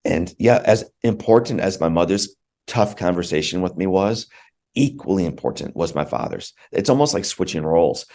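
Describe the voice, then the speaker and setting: Deep-voiced man telling his story earnestly. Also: animated, moderate pace, gravelly, darkish tone. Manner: earnest, heartfelt, repeats words for emphasis. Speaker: podcast guest. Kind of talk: personal storytelling in conversation.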